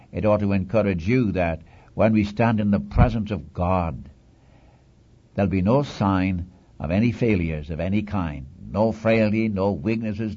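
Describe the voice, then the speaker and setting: A man preaching a sermon in an earnest, exhorting manner, repeating phrases for emphasis, on a dull lo-fi recording. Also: deep voice.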